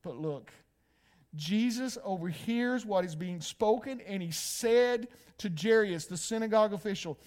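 A man with a high-pitched voice delivers a lively sermon. He quizzes his listeners and answers his own questions. His delivery jumps from forceful, emphatic peaks to quiet, hushed passages. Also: unhurried. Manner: animated preaching, rising to emphatic peaks and dropping to hushed lines; asks the congregation questions and answers them. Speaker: pastor.

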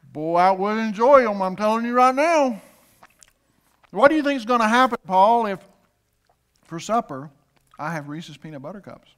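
A man's voice: sits high, fairly bright tone. A male pastor preaching a sermon, calling on the congregation to repeat after him and joking between points. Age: adult with a son. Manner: preaching with call-and-response and humor.

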